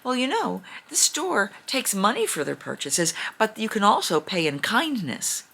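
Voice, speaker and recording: A woman voicing a male dragon who strikes a sly bargain, speaking in a slow, low, measured storybook voice. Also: sing-song, gravelly, a bit bright, slightly rough, full character voice.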